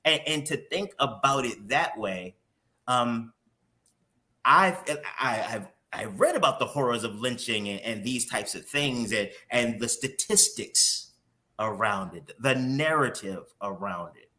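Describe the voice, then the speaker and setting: A man's voice: medium pitch, lively intonation, measured pace, pushed and bright. A man hosting a morning show interview who talks candidly and openly emotionally, with some casual swearing.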